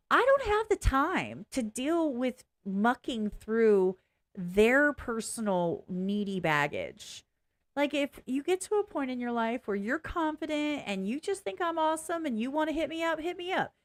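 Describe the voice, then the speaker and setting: A woman's voice: fairly high pitch, big pitch swings, measured pace. A woman vlogging casually in a blunt, candid way, swearing freely, rambling and restarting as she talks. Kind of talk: casual reaction vlog.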